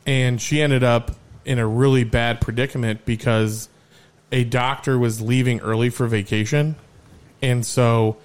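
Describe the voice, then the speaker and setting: Podcast host guy, animated storyteller, swears a lot, casual chat. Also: mid-range voice, a little slow.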